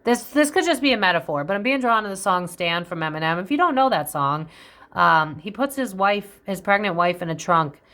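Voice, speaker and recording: A woman chats through a tarot reading in a casual, loose way. She swears freely, speculates openly and drifts from one tangent to the next, and she often slips into acted-out voices for the people she describes. Her voice sits at an ordinary middle pitch. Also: animated, fairly quick, fairly bright tone. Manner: chatty, profane, speculative, jumps between tangents; often acts out quoted voices. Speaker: psychic tarot reader.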